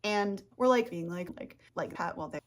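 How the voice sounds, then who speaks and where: A woman's voice: lowish voice, brisk. A woman talking to camera in a casual rambling monologue as a self-help vlogger, tripping over her words, losing her train of thought and giggling.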